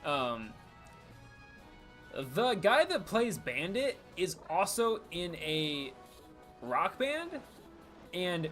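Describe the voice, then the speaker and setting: A man's voice: on the high side, a bit bright. A young man casually chatting while streaming a game, rambling and full of fillers, laughing easily. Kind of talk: casual live gameplay commentary.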